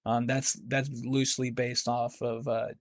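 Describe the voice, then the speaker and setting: A man's voice: mid-range voice, level tone, measured pace, dry recording. Dry-sounding man chatting loosely. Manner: rambling, filler-heavy, laughs often. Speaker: guest comedian and actor. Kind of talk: casual podcast conversation. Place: home, near Philadelphia.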